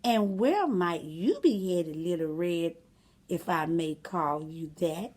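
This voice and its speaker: A woman's voice: fairly low pitch, lively intonation, slow, darkish tone. A woman doing a sly, hungry storybook wolf. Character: sly smooth-talking male wolf, hungry.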